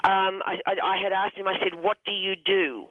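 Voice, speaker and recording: Calling in to a radio program, a hypnotherapist narrates a session in a level, middle-range voice. He keeps stumbling, doubling back, and repeating words before continuing. The audio comes through a narrow, tinny telephone with no room sound.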